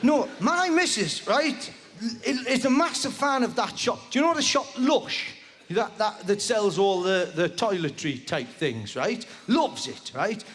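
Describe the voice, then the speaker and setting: High, lively-voiced male stand-up comedian. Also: unhurried, in a large hall. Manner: rambling, animated storytelling with constant "right?" tags. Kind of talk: live stand-up routine. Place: live comedy venue with audience. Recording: live venue with background noise.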